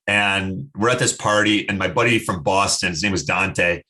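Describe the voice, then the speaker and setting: A man, a podcast guest talking health, telling stories in an animated, casual way with lots of fillers. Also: sits low, moderate pace. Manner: animated storyteller, many "like" fillers. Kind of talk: casual interview talk.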